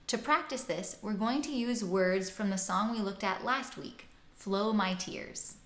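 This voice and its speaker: A woman teaching pronunciation, talking through lessons and modelling sounds with clear, exaggerated vowels. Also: medium pitch, a bit bright. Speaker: singing teacher and host. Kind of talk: instructional lesson with spoken demonstrations. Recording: roomy echo.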